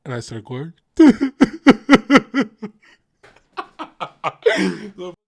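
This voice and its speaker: A man in his twenties talks straight to his stream chat in a blunt, confessional way and swears freely. His voice sits at a medium pitch. The sound is dry and close, with almost no room echo. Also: unhurried. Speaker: livestreamer. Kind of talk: casual livestream rant.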